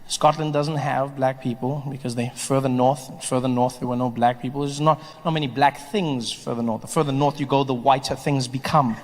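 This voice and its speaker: A man performing a stand-up comedy set, telling stories in an animated, playful way on a handheld stage mic at a live venue. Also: mid-range voice, brisk, few pauses, long reverb tail.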